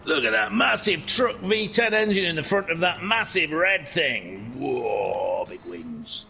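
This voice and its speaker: A man with a high voice that climbs and dips all over the place. He commentates live on a sim race, drifting into jokes and sweary tangents. His delivery stays loose, chatty and unscripted. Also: lively intonation, a little slow, gravelly, pushed and bright, dull audio, a little hiss or hum. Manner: rambling, joking and sweary banter. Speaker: sim racing stream commentator.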